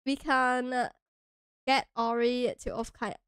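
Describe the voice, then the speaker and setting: A young woman from Hawaii chats with her stream in a bubbly, giggly way that keeps tipping into squeals. Her voice sits high and sparkles with a bright, forward tone. The recording is dry and close, with no room sound. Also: fairly even intonation, takes it slowly, clear, resonant tone, no echo. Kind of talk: casual stream chat.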